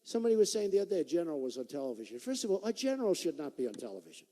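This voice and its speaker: A man's voice: on the high side, very animated, rapid-fire, dark tone. Emphatic man speaking at a big rally. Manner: emphatic, repetitive, off-the-cuff. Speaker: political candidate. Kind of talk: campaign rally speech. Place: large indoor rally venue. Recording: long echo of a large hall.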